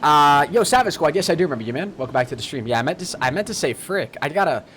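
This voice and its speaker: A man's voice: fairly high pitch, a little hiss or hum. Chatty male game streamer. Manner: lively, talks straight to chat, quick apologies. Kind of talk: live gameplay commentary and chat shout-outs.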